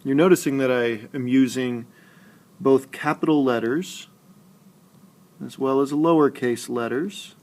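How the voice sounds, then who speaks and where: A man teaching a lesson on poetry rhythm, talking slowly and deliberately and stressing his syllables. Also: medium pitch, a little mellow. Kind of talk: screencast lesson narration.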